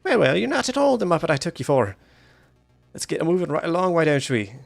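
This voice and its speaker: A man's voice: a little high, sing-song, brisk, vocal fry, soft background music, pitched above the performer's own voice. A man doing a cheeky old British animatronic. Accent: put-on British slipping toward Australian.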